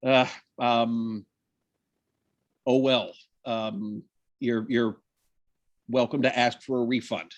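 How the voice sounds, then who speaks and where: Brief: male biology lecturer, slow and deliberate, filler-heavy, dry close-miked sound. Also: mid-range voice, flat delivery, no room sound. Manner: conversational, lots of uh and um, self-deprecating asides. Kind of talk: university lecture.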